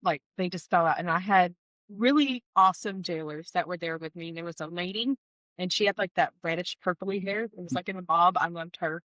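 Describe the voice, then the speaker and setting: Bright-voiced woman, candid testimony. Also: fairly low pitch, fairly quick, dry recording, low-quality recording. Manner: candid and heartfelt, with wry asides. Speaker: guest sharing a personal testimony. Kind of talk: emotional personal storytelling.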